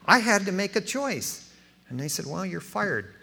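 A man in his fifties preaching a folksy, animated sermon as pastor, acting out dialogue as he tells stories. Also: high-pitched, moderate pace, vocal fry, husky. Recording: long hall reverb.

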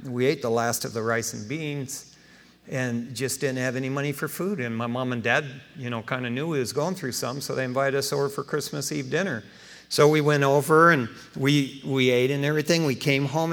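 A man in his fifties preaching a folksy, animated sermon as pastor, acting out dialogue as he tells stories. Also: fairly high pitch. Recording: long hall reverb.

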